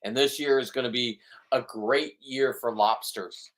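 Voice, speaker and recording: Casual male vlogger, mid-pitched, boastful and jokey, rambles off the cuff. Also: steady tone, measured pace, a bit bright. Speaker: vlog host.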